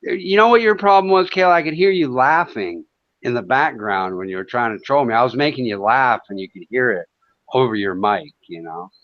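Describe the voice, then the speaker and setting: Speaking briskly at medium pitch, a man livestreaming from his home in Thailand lashes out at chat trolls with profanity, taunts, and sarcasm, all in dull lo-fi stream audio.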